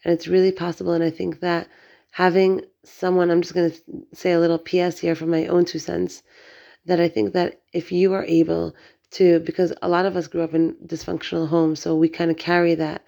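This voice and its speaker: A woman's voice: fairly low pitch, flat delivery, fairly quick, creaky, mellow, highs cut off. A woman hosting a podcast, giving a casual religious teaching talk, often repeating herself and checking in with "okay?" and "right?". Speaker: podcast host.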